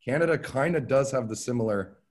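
A man, a comedian guest, chatting casually on a podcast and explaining things in a relaxed, rambling way. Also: mid-range voice, a little fast. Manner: relaxed, filler-heavy storytelling.

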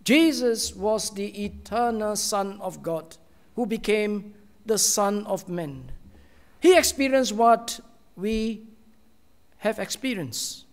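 A man delivers a sermon from the pulpit in a high, gravelly voice. He speaks slowly and earnestly, pausing often and sinking into a soft, hushed tone. A long reverb trails his words, as in a church hall. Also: animated. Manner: slow, earnest preaching with many pauses, often dropping to a soft, hushed tone. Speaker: pastor.

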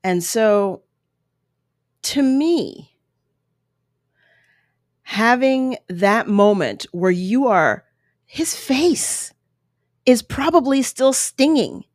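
Slow, earnest woman commentator, dry close mic. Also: fairly high pitch, expressive, no room sound. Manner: earnest, emotional, apologetic asides. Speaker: video commentator. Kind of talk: reaction commentary on a clip. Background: baby making noises.

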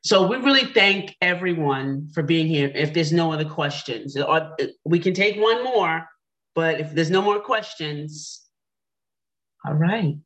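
A middle-aged woman hosting an online panel, telling a personal story in an animated way and quoting her own thoughts aloud. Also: low-pitched, a little slow, highs cut off. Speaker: panel host.

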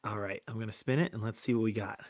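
A man's voice: on the low side, quick pace, no echo, clean studio sound. A man hosting a casual sports podcast, laid-back and teasing, steering the segments along. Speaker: podcast host.

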